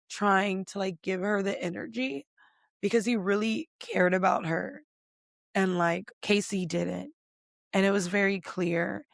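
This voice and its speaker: A woman host recaps reality TV in loose, profane, emphatic chat, with plenty of "like" fillers. Her voice has a gravelly, vocal-fry edge. The recording is dry and close, with no room sound. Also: mid-range voice, steady tone, a little slow, no echo. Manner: emphatic, heavy swearing, lots of "like" fillers; fired up, rising loud when indignant. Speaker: podcast host.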